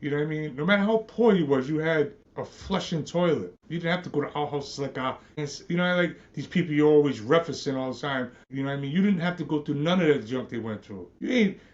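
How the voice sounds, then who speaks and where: A man's voice: fairly high pitch, animated, fast talker, few pauses, muffled recording. A man hosting a podcast, ranting in a profane, scornful, repetitive monologue. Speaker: podcast host.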